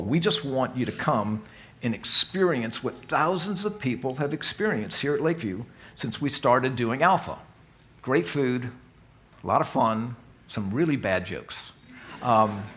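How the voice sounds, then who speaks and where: A man introduces a church course in a relaxed, folksy way, poking fun at himself and often stopping to restart a sentence. His voice sits at an ordinary middle pitch and he speaks in a church hall. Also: slight background noise. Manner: folksy, self-deprecating, with frequent restarts. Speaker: Alpha course leader. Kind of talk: informal church talk.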